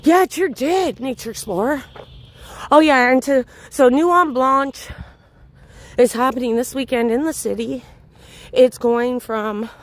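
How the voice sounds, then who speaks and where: Unhurried woman on a live walk. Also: sits high. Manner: chatty and unhurried, addresses viewers by name. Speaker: host of a livestreamed city walk. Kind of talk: casual live-stream chat, answering viewers. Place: outdoors in a large city park at night.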